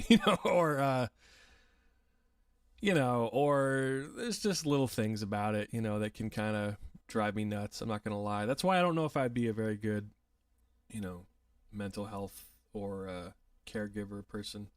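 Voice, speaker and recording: A man's voice: lowish voice, moderate pace, dry recording, studio quality, distant mic. A man hosting a casual livestream, reading viewer comments and rambling in a self-deprecating way, laughing often and swearing. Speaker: livestream host.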